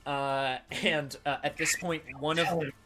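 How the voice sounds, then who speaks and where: A man's voice: fairly high pitch, steady tone, a little slow, music in the background. A man narrating a tabletop game as game master, in a casual, loose way with many fillers.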